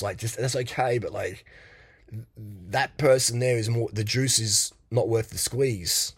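A man's voice: mid-range voice, a little slow, slightly rough, dry recording, studio quality. A man hosting a podcast, talking in a blunt, crude, rambling monologue. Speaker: podcast host. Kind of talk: casual monologue.

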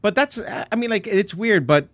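A man's voice: high-pitched, expressive, moderate pace, a bit bright. A man with a New Jersey accent co-hosting a casual podcast, rambling with many fillers. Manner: rambling, stacks fillers and restarts. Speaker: podcast co-host. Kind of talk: casual chat.

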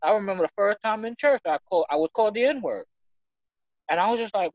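A man giving an emotional personal testimony in conversation, earnest and halting, stumbling over restarts and near tears. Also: sits high, lively intonation, dry recording, highs cut off. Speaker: church member sharing his story.

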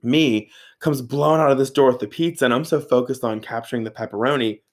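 A man in his thirties telling a casual, animated story, swearing freely and saying "like" a lot. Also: mid-range voice, fast talker. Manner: animated, profane, filler-heavy with frequent "like".

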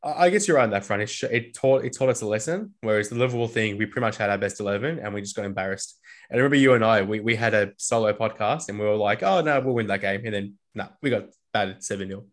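A young man co-hosting a casual football podcast, rambling and quick to laugh, circling back through his sentences. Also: lowish voice. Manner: rambling, laughs often, mocking impressions. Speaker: podcast co-host. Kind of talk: casual chat.

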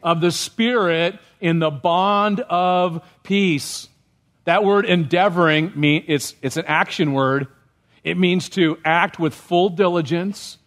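A man's voice: high voice, slow pace, fairly bright tone. A man preaching a sermon as pastor, often checking in with the congregation with questions. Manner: asks the congregation questions, rising when stirred.

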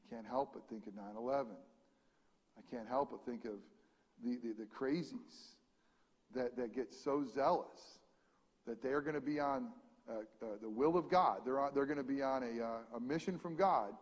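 A man preaching a sermon with animated delivery, swinging between loud emphasis and hushed asides. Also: mid-range voice, long reverb tail. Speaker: pastor.

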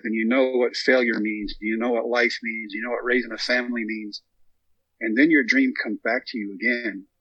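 A man from Texas in his thirties, medium-pitched with a slightly rough edge, guests on a storytelling interview and tells a long story, animatedly performing the quotes. The recording has no echo, but the highs are cut off.

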